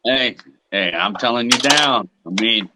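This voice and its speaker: A man's voice: medium pitch, unhurried, very noisy. A man co-hosting a podcast, bantering in casual chat with heavy swearing. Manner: profane, emphatic banter. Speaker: podcast co-host.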